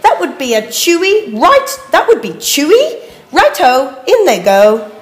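A sly, greedy dingo who cooks and sings in a high, sing-song voice, as a woman reading a storybook puts him on. His lines bounce all over, and the room rings with echo. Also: big pitch swings, measured pace. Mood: gleeful. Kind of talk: storybook read-aloud. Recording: echoey room.

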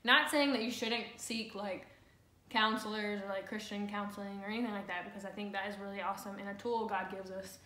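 A woman's voice: medium pitch, fairly even intonation, brisk, bright, forceful tone. A woman co-hosting a casual talk on the Bible, chatty and full of fillers and restarts. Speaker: co-host. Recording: echoey room.

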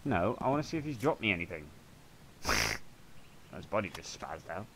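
A man's voice: sits low, wildly swooping pitch, moderate pace, vocal fry, noisy background. A man swearing and joking his way through a video game. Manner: sweary, jokey running commentary. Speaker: gamer. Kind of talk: let's play commentary.

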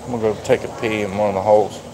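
A man's voice: fairly low pitch, fairly even intonation, very fast. A man rambling in a casual walkaround vlog at a car dealership lot, folksy and dropping the odd mild swear, recorded on a handheld phone. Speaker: vlogger. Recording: outdoor traffic noise behind.

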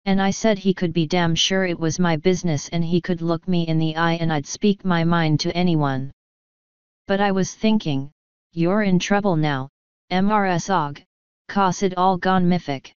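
A woman's voice: fairly low pitch, steady tone, moderate pace, a little mellow, clean tone, dry recording, dull audio, close to an everyday voice. A woman voicing a chatty elderly midwife with folksy, g-dropping speech. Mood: earthy, knowing.

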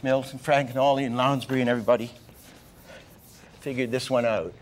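An older man teaching animation, telling stories in a lively way and acting out example lines, with many restarts. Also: mid-range voice, a little fast, a little hiss or hum. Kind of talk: lecture with acted-out examples.

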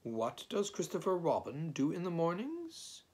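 A man doing a busy, self-important storybook rabbit with a raised, lively voice that jumps up and down in pitch. He speaks briskly and sounds hurried, like someone with somewhere else to be. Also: breathy edge, heavily acted. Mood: prompt.

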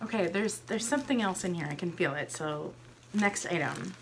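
A woman's voice: fairly low pitch, moderate pace, a little hiss or hum. A young woman vlogger unboxing a subscription box, gushing and gasping with delight over each item. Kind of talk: excited unboxing chat.

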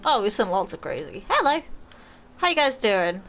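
A woman, chatty and excitable, giving let's play commentary as a gaming channel host. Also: medium pitch, fairly quick, soft background music.

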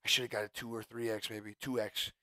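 A young man chatting casually and excitedly with his livestream chat, swearing often and breaking off to talk to people in the room. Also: fairly low pitch, fast talker, no room sound, studio quality. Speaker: streamer.

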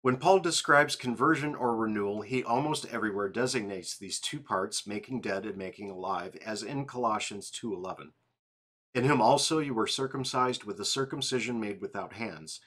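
A tired man reading a church confession aloud in an evening devotional, steady and plain. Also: on the low side. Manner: reads steadily, apologizes and laughs at slips. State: yawning, tired.

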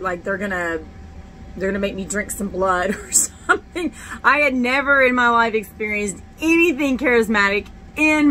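A woman's voice: on the high side, pushed and bright, a little hiss or hum, poor audio. A middle-aged woman, telling her faith testimony in a chatty, candid way with many fillers and restarts. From Texas. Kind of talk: casual personal testimony.

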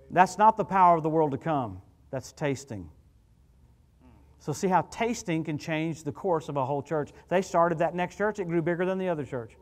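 A male guest preacher with a fairly high voice tells stories from the pulpit. He is animated and chatty, throwing quick asides to the congregation. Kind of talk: storytelling sermon. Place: church service.

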